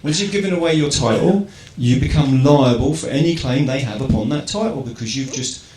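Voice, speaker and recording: A man's voice: mid-range voice, a little fast, a little mellow, a little hiss or hum. A man from England gives an informal talk to a live audience, asking rhetorical questions and checking in with the crowd as he goes. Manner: conversational, rhetorical questions, keeps checking in with "right?". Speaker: public speaker. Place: event hall. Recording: echoey hall with faint ambience.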